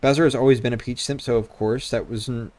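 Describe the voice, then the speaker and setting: A man's voice: mid-range voice, fairly even intonation, fairly quick, a little mellow. A young man streaming live, rambling casually into a handheld microphone, swearing now and then. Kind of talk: casual livestream chat.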